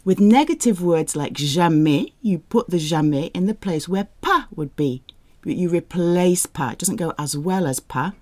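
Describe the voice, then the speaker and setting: A woman teaching French, reading example sentences slowly and clearly, then explaining the grammar in English. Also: fairly low pitch, lively intonation, darkish tone, dry recording. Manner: slow, careful model pronunciation with questioning rises. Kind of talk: language lesson with slow example sentences.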